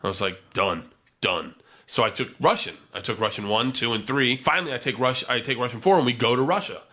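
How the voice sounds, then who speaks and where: A man telling a comic anecdote in casual chat, animated and profane, often laughing as he goes. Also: mid-range voice, fast talker. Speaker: storyteller.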